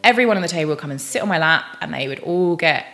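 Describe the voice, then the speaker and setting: Brief: British woman vlogger, low voice, bubbly and chatty, faint music behind. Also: expressive, racing, vocal fry, bright, forceful tone. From United Kingdom. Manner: bubbly, chatty, rambling asides. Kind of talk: personal vlog, casual chat.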